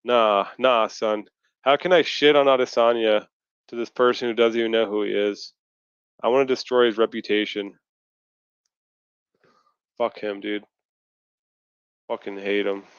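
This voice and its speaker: A frustrated man rants on a video call, swearing freely as he vents. His voice is smooth and clear at a middling pitch. The stream audio is dry and slightly dull. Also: steady tone, unhurried, long pauses, no room sound. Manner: profane, ranting, frustrated. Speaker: podcast co-host. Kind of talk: casual post-fight chat.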